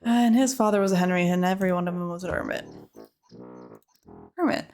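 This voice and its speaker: A woman's voice: lowish voice, a little fast, darkish tone, soft background music, natural voice. A woman voicing a chatty old male cave hermit who rambles in folksy dialect grammar, reading his lines in a put-on accent. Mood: cheery rambling.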